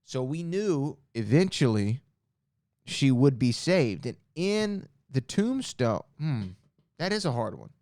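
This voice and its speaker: A man hosts a casual podcast, reading questions and answers aloud and mixing in offhand comments. His voice is smooth and resonant, at a middle pitch. The sound is close and dry, with no room echo. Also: sing-song, slow pace, a little mellow. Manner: reads aloud with chatty asides and self-corrections. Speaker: podcast host.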